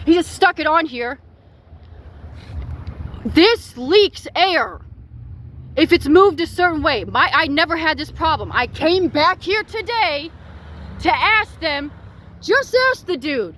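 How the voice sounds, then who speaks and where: A woman's voice: high voice, lively intonation, measured pace, fairly bright tone, a little hiss or hum. Heated young woman ranting outdoors. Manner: heated, indignant, swearing, retelling a dispute. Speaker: vlogger. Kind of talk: angry rant to camera. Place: outdoors by a car repair shop.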